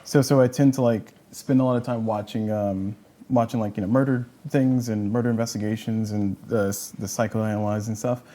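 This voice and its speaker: A man's voice: on the low side, fairly even intonation, fairly quick, mellow. A man hosting a casual livestream panel chat, rambling and correcting himself with lots of fillers. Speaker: host.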